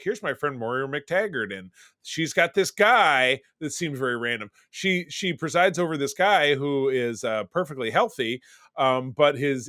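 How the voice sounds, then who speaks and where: A man's voice: mid-range voice, a bit bright, no echo, clean studio sound. A man co-hosting a podcast, chatting casually about a film, rambling and restarting his sentences. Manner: rambling, self-interrupting, trails into summaries. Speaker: podcast co-host. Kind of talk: casual movie discussion.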